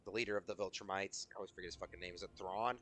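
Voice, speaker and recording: A man's voice: low voice, steady tone, rapid-fire, a bit bright. A man streaming a video game, chatting loosely and swearing, tired and yawning. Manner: loose, profane, rambling. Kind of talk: casual gaming stream chat.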